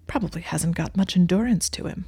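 A woman's voice: fairly low pitch, fairly quick, dark tone, slightly rough. A woman reading the lines of a scornful square-jawed wizard ghost who mutters.

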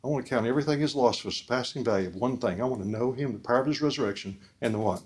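Speaking at a discipleship forum, a man delivers an earnest preaching talk at a very fast clip in a medium-pitched voice. He asks the audience questions and swings between loud emphasis and soft, quiet lines.

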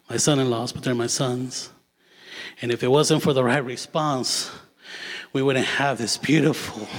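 A man's voice: medium pitch, a bit bright. A middle-aged man giving a sermon as a guest preacher, telling personal stories in a casual, chatty way. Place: church sanctuary. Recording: long church hall reverb.

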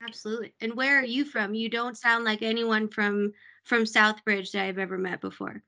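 A woman interviewer asking questions in a casual business interview, with quick upbeat affirmations. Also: fairly high pitch, animated, sharp tone.

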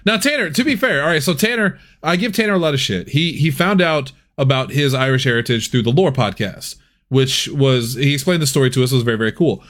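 A man's voice: mid-range voice, expressive, a little fast, a bit bright. A man hosting a comedy podcast, rambling and interrupting himself and laughing at his own jokes. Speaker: podcast host.

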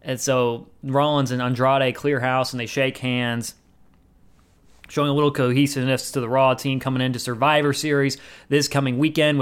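A man's voice: mid-range voice, clear, resonant tone. A man hosting his own wrestling review show, recapping matches in a rambling, casual way with many fillers and restarts.

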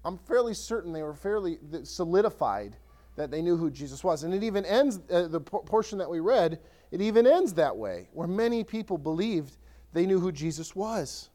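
Speaking at an ordinary pace in a high voice, a male pastor delivers an animated, chatty sermon. He keeps restarting his sentences and acts out the scripture he cites.

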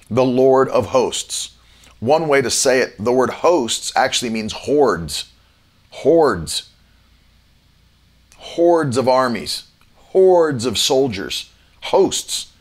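A man's voice: medium pitch, lively intonation. Emphatic male preacher spelling out words. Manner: emphatic, repeats key phrases slowly, spells words out. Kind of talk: online sermon teaching.

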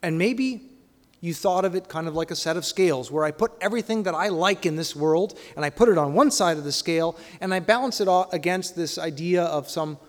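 A man preaching a sermon, leaning on rhetorical questions and swinging between loud emphatic lines and quiet, hushed ones. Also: a little high, fairly quick, in a large hall.

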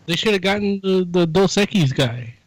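Guy w a kinda high voice making snarky points, dry close sound. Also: expressive, normal speed, no room sound, low-quality recording. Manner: wry, provocative, swears. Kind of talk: casual chat.

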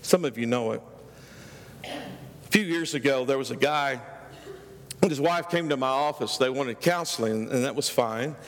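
A middle-aged male pastor preaching a sermon, emphatic and rising loud on key phrases. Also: mid-range voice, normal speed, pauses often. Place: church sanctuary. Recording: church hall with long reverb.

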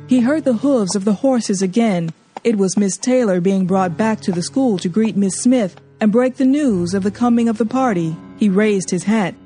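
A woman reading a novel aloud as an audiobook narrator, measured and expressive. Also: mid-range voice. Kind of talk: storybook reading.

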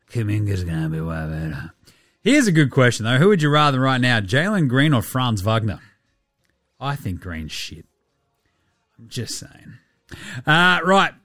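A man's voice: medium pitch, no echo, studio quality. An Australian man hosting a casual sports podcast, rambling, swearing freely and laughing at his own jokes. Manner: animated, profane, rambling. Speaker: podcast host.

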